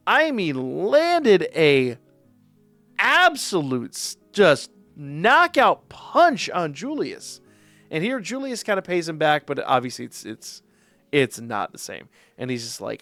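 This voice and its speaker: Excitable man rambling through a manga recap. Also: fairly high pitch, no room sound. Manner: enthusiastic, rambling, repeats words when excited. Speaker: manga reaction channel host. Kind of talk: casual reaction and review chat.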